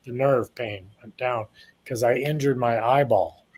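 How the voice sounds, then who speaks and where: A former boxer from Canada, a man in his sixties, tells long, rambling anecdotes in a casual interview and acts out the lines he quotes. His voice is mid-range, husky and darkish, and he takes his time.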